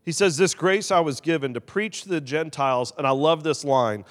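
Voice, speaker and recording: A man preaching a sermon as pastor, animated, swinging between loud emphasis and quiet, confessional asides. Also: on the high side, moderate pace, in a large hall.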